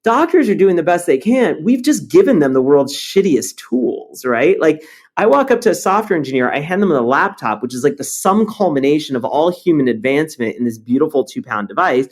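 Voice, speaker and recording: A man's voice: on the high side, fairly quick. A man, a startup founder, talking bluntly and with energy in an interview, swearing now and then. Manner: animated and blunt, swears, tells stories with energy. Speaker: startup founder and CEO, guest. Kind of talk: conversational interview.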